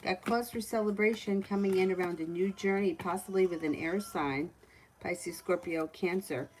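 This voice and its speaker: A woman giving casual tarot readings on a livestream from home, with a relaxed, matter-of-fact manner. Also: on the low side, moderate pace, a little hiss or hum, rough recording. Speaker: tarot reader.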